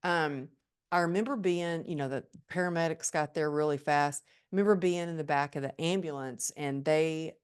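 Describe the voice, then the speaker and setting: Female podcast guest, low voice, emphatic and lively storyteller. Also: normal speed, smooth. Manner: animated and emphatic, acts out remembered thoughts. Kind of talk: personal storytelling in a podcast interview.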